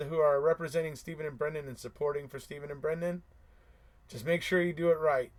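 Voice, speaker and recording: A man with a slightly raised voice chatting casually on a live stream. He answers viewer comments and hammers his points home by repeating them, with a chuckle here and there. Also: on the high side. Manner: repetitive, emphatic, chuckles between remarks. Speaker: livestream host reading viewer comments.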